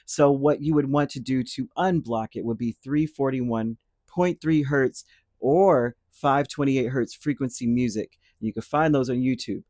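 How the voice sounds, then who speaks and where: A man's voice: medium pitch, measured pace, darkish tone, no room sound, clean studio sound. A man giving a casual tarot and chakra reading, talking in a loose, rambling way that corrects itself and keeps checking in with "right?". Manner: rambling, self-correcting, tags lines with "right?". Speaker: tarot reader. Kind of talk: casual spiritual reading to camera.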